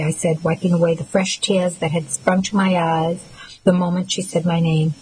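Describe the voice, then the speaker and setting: Female narrator, low voice, soft measured emotional delivery for a first-person novel. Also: steady tone, slight background noise, rough recording. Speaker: audiobook narrator.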